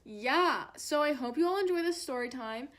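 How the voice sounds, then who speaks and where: A woman's voice: high voice, expressive, moderate pace, a bit bright. A young adult woman telling a storytime vlog in a chatty, dramatic way, full of "like" and fillers. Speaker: vlogger.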